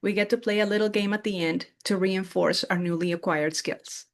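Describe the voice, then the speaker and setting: A woman teaching a recorded language lesson, modeling words clearly for repetition and checking in with frequent "okay?" prompts. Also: mid-range voice, steady tone. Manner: slow, deliberate, checks in with "okay?". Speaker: Spanish teacher.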